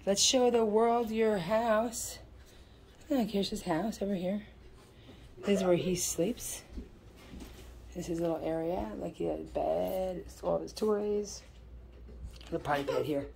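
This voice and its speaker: A woman's voice: medium pitch, a little slow, gravelly, pauses often, darkish tone, slight background noise. A woman filming a casual pet vlog, cooing baby talk at her dogs with dogs snorting nearby. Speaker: pet owner vlogger.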